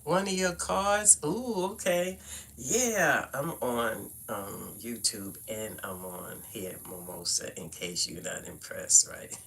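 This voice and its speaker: Her voice is bass, slow and creaky, yet fairly bright in tone. She's an older Brooklyn woman with a Brooklyn accent doing a card-reading live stream indoors at home, casually chatting to her audience with "y'all" and "fam."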